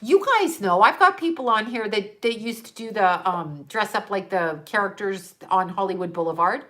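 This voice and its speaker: A woman's voice: medium pitch, lively intonation, normal speed, fairly bright tone. Woman on a phone stream ranting, medium voice, keeps cutting herself off, lots of "are you telling me", cussing. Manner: exasperated, profane, laughing in disbelief; trailing off and restarting, rhetorical questions. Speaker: livestream host talking to viewers. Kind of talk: rambling casual monologue.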